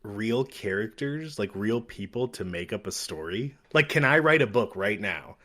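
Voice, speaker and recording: Chill guy rambling on a podcast, kinda low voice. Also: expressive, normal speed, fairly bright tone. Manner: easygoing, rambling, curious. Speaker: podcast co-host. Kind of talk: casual chat.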